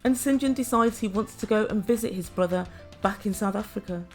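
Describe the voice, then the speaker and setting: A woman's voice: mid-range voice, brisk, soft background music. A woman doing opinionated commentary on a reality show, chatty and judgmental, talking straight to her viewers. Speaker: reality TV recap host.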